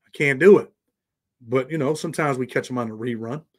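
An American man from the United States hosts a livestream, speaking fairly quickly in a mid-range voice. Loose and slangy, he talks straight to his viewers, reading and answering their comments in casual chat.

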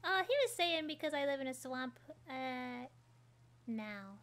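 A woman streamer chatting excitedly over gameplay, often bursting into laughing shouts. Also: sits high, a little slow, a little hiss or hum. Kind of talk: casual gameplay chat.

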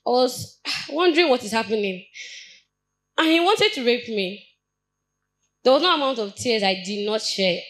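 A young adult woman with a Nigerian accent, giving a personal testimony at a church Bible study in an earnest, halting way, often restarting her sentences. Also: on the high side, lively intonation, fairly bright tone, rough recording.

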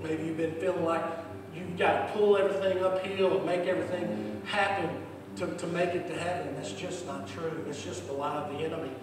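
A male pastor preaching an altar call, swinging from impassioned near-shouts down to soft, hushed prayer. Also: a little high, steady tone, a little fast, music in the background. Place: church sanctuary. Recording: echoey church hall from far off, noisy.

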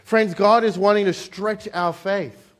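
A man's voice: high-pitched, fairly even intonation, a little slow, fairly bright tone. A young Australian man with an Australian accent giving a conversational church sermon, joking and acting out the people in the story. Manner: conversational, joking, acts out quoted voices. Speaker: pastor. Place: church hall.

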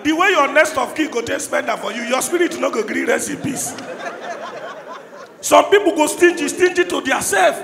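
A man doing stand-up in Nigerian Pidgin, his voice pitched high and rough with fry. He shouts his punchlines across a large, reverberant hall. A crowd laughs and cheers behind him. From Anambra State, Nigeria. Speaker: stand-up comedian. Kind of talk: stand-up comedy. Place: live comedy show in a large hall. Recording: echoey hall, crowd noise.

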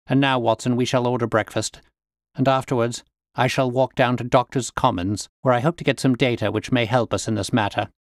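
A man voicing a calm detective who speaks in a cool, bland, dryly amused way. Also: mid-range voice, dry recording, clean studio sound, lightly acted. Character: calm, witty male detective, unflappable.

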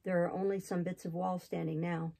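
In this classic novel audiobook, a woman voices a chatty old innkeeper, solemn and talkative, who rambles eagerly through a grim story. Her reading is warm, low-toned, gravelly and husky, with flat delivery at a fairly quick pace on a low-quality recording.

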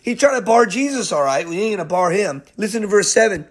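A man preaching a casual verse-by-verse sermon, animated and jokey, often dropping into quick character voices. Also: sits high, husky. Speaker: pastor and bible teacher.

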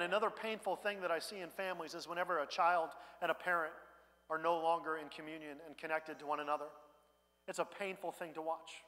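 Man, pastor, high voice, relaxed conversational sermon, quiet then loud, long church reverb. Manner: conversational preaching, swings between hushed and loud.

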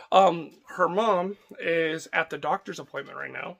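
A man's voice: fairly high pitch, unhurried, gravelly, fairly bright tone. Rambling young man vlogging casually. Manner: rambling and affectionate, with many fillers and restarts. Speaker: homestead vlogger. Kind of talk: casual vlog chat.

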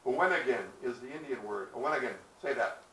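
A man tells a story to a small audience, slipping into the voices of his characters. His pitch sits in the middle. The sound is roomy, with faint outdoor ambience behind him. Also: fast, fairly bright tone, slight background noise. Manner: storytelling, folksy, acts out characters with hesitations. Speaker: presenter. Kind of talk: outdoor history talk to visitors. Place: outdoors at a historic site.

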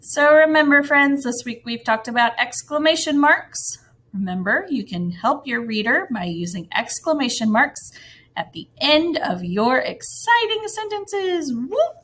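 A woman teaching a recorded grammar lesson to first graders, in a sing-song teacher voice with playful jumps in pitch. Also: animated, moderate pace, a bit bright, husky.

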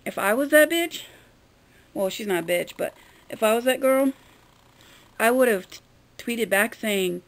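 A woman vlogging to her viewers in a casual, rambling way, blunt and quick to swear. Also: fairly high pitch, lively intonation. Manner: chatty, addresses viewers directly. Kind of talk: casual chat to camera.

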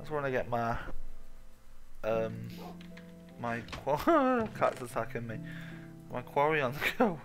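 A man at a mid-pitched, everyday voice, rambling through his game with goofy asides and frequent swearing. He talks to himself as he plays, casual and unpolished, with faint music playing behind. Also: moderate pace, a bit bright. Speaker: gaming channel host. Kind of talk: casual let's-play commentary.

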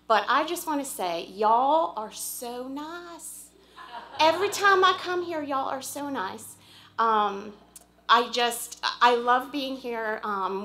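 A woman in her forties from Pennsylvania speaking earnestly and warmly to a church congregation, pausing often with "um". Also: mid-range voice. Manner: earnest and heartfelt, many "um" pauses. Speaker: visiting churchgoer addressing the congregation. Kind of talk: informal church speech. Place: church sanctuary. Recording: echoey church room.

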